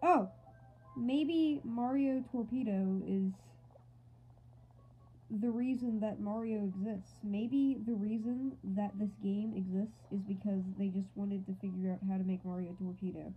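A woman's voice: medium pitch, fairly even intonation, unhurried, slightly rough. A woman doing playful, goofy gameplay commentary with mock outrage and silly asides. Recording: thin phone-like audio.

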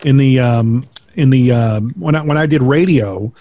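Halting man with a dry voice. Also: mid-range voice, mellow, no room sound. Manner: halting, searching for words. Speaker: former radio host, guest on the show. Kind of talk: casual chat. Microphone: video call.

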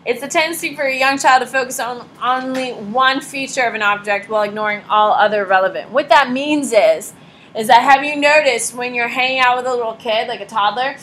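A woman's voice: fairly high pitch, fairly quick, a bit bright, a little hiss or hum, poor audio. A young woman teacher giving a chatty classroom lecture, telling stories with sarcastic asides. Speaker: high school teacher.

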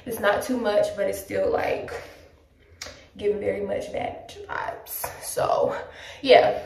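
A woman's voice: medium pitch, flat delivery, slow, creaky, a little mellow, reverberant, recorded from a distance, rough recording. A woman giving a playful, hyped intro to her beauty vlog. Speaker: beauty vlogger.

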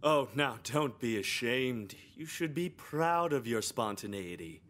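An actor playing a predatory male school staff member who taunts a student in a smooth, insinuating way. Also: mid-range voice, expressive, a little slow, a bit bright. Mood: sly, taunting. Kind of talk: video game voice acting.

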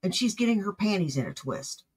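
Husky-voiced commentator, blunt and exasperated reaction talk. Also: mid-range voice, big pitch swings, a little fast.

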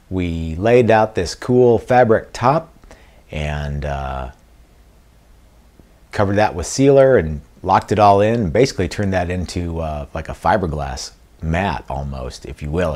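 A man talks through a casual guitar-building vlog. He rambles and jokes, and his sentences often sink into quiet, mumbled fillers. He sometimes stops to correct himself. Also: low-pitched. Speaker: guitar builder and channel host.

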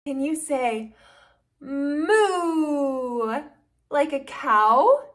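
A woman hosting a toddler learning video, speaking slowly and sounding out words in an exaggerated teaching manner. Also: very high-pitched, very animated, pushed and bright. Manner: slow, exaggerated, sing-song teaching to toddlers. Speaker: children's educational video host. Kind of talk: toddler speech lesson.

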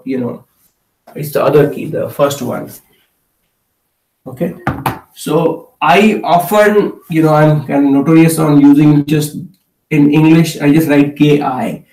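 Hindi teacher with an echoey, distant sound. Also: male voice, on the high side, steady tone, measured pace, a little mellow. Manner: explains with many fillers and okay checks. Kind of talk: live online language class. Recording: echoey room, mic at a distance.

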